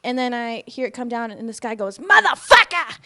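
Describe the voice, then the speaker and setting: A woman's voice: a little high, steady tone, fairly quick. A woman with a Texan accent, a podcast guest telling stories in casual, teasing chat. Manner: laughing storyteller, teasing.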